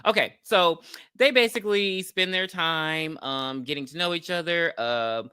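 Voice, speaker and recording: Woman, podcast co-host, casual recap, blunt and animated, bright, dry room. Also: fairly low pitch, unhurried, clean tone, dry recording. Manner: animated, swearing, frequent ums and laughs. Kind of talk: casual movie recap chat.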